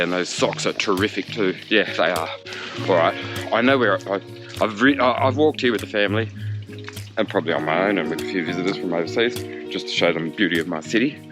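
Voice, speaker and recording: A man with an Australian accent chatting casually in a vlog outdoors in a park, joking and talking to himself, filmed on a handheld camera. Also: fairly low pitch. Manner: chatty, jokey, talks to himself. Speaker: cycling vlogger.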